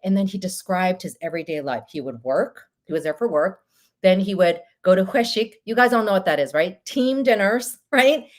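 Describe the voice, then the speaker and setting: A woman's voice: mid-range voice, moderate pace. Chatty woman hosting a live stream. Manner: animated, chatty storyteller. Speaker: host of a live stream show. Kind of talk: casual live-stream chat.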